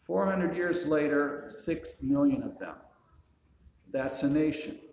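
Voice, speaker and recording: A pastor preaching a sermon, retelling a story with dry asides to the congregation. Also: male voice, fairly high pitch, lively intonation, slow, gravelly, darkish tone, roomy sound, slight background noise, rough recording.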